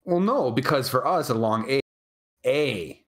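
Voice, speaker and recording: Rambling American man, lively pitch. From United States. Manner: rambling, halting with many restarts. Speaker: co-host. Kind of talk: casual chat.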